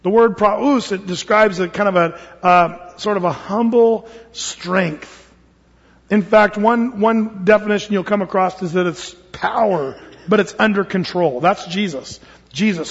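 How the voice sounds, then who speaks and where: Man preaching in a big hall, kinda husky, keeps repeating himself when he gets going, sound's a bit muffled. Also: high voice. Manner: animated storytelling, acts out voices, stammers and repeats words. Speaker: pastor. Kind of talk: sermon. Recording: dull sound with long hall reverb.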